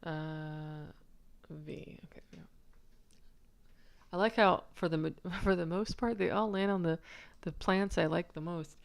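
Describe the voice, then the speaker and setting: A woman with a low, gravelly voice talks slowly through a casual lesson on a manuscript. She is chatty and giggly and rambles with restarts. She stops to answer viewer comments. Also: steady tone. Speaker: manuscript researcher presenting her findings.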